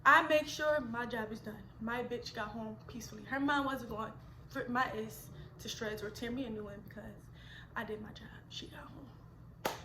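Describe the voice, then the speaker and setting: A woman, telling a storytime vlog in an animated, chatty, slangy way. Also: a little high, fairly quick, reverberant, noisy background. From Philadelphia. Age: 20s. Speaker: vlogger.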